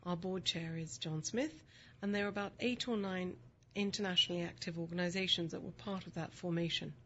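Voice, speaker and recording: A woman's voice: on the low side, steady tone, brisk, bright, forceful tone, muffled recording, slight background noise. A woman with a mid-Atlantic accent that mixes British and Philadelphia sounds, answering interview questions as a composed, articulate guest. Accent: mid-Atlantic, mixed British and Philadelphia. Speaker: executive director, guest.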